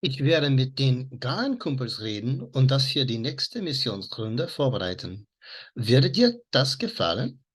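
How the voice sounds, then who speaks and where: A man's voice: mid-range voice, big pitch swings, unhurried, husky. A man voicing a restless young man on a spaceship in a video game, with a bored, wry delivery.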